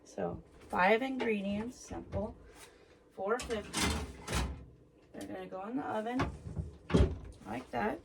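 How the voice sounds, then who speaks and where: With a mid-range voice full of vocal fry, this woman speaks slowly and leaves long pauses during a casual home cooking demo. She's chatty and a bit out of breath, self-narrating and calling viewers "guys," in a noisy kitchen recording.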